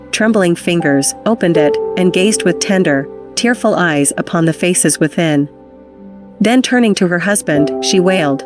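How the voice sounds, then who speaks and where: A woman narrates a classic novel in a steady, measured way. Her voice sits a little low. Music plays clearly beneath her reading. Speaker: audiobook reader.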